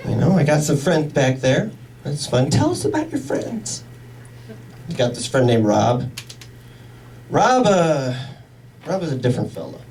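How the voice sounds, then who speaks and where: Young man from indiana, stand-up set, lively up-and-down voice, animated, live club recording from a distance. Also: medium pitch, normal speed, long pauses, a little hiss or hum. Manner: animated, acts out quoted voices. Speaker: stand-up comedian. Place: comedy club. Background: audience.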